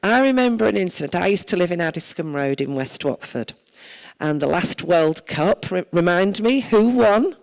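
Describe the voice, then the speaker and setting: A woman's voice: fairly low pitch, lively intonation, moderate pace, creaky, a little mellow, low-quality recording. A woman from Wales, a town mayor, giving an earnest, conversational address at a church service and telling stories from her own life.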